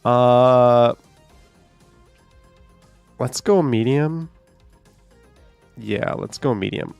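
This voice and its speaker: A man's voice: mid-range voice, extremely slow, vocal fry, a little mellow, clear, resonant tone, highs cut off, faint music behind. A man live streaming, chatting casually with viewers, rambling and swearing at voice assistants when annoyed.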